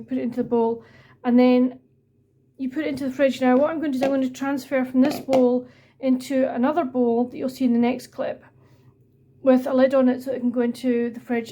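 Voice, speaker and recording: A woman with a Highland Scottish accent chatting candidly to her viewers about books and baking. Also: mellow. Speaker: book and baking vlogger. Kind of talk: casual book review and cooking chat.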